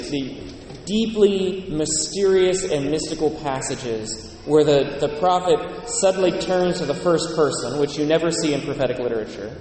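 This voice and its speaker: Man, priest, earnest conversational sermon, slightly high voice, echoey church, distant mic. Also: darkish tone, slight background noise. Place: large church.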